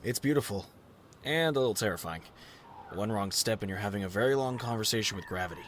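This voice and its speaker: A dry-witted road-trip companion, voiced by a man, with a very low voice and wry, understated remarks. A clear hiss runs under his lines in this audio drama. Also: animated, fast talker, a bit bright. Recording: background hiss.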